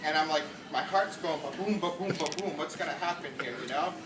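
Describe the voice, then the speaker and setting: A brash, self-mocking middle-aged comedian with a New England accent tells stories, his voice sitting a little high. He is picked up from far off by a camera in a roomy ship lounge, with a steady wash of noise over the sound. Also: fairly quick. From United States. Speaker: stand-up comedian. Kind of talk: stand-up storytelling. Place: ship lounge at a meet-and-greet. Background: audience laughter.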